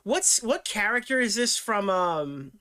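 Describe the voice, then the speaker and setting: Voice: mid-range voice, big pitch swings, measured pace, sharp tone, smooth. A commentator reacting casually, scoffing and swearing as they ramble.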